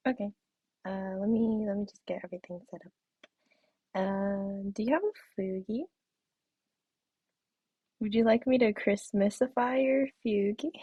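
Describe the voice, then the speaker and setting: Husky-voiced woman streamer, throat off. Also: mid-range voice, dark tone, dry recording. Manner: chatty and giggly, drops into whispered asides. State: throat feels off. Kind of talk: casual live-stream chat. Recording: dull, muffled stream audio.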